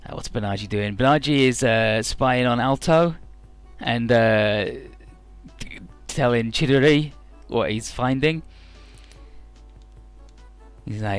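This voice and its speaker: A man's voice: takes it slowly, long pauses, clear, resonant tone, no room sound, faint music behind. Jokey man retelling a game's plot. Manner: jokey, mocking, squeaky falsetto for characters; crude, sarcastic. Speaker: let's play commentator. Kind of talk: comedic retelling of game dialogue with put-on voices.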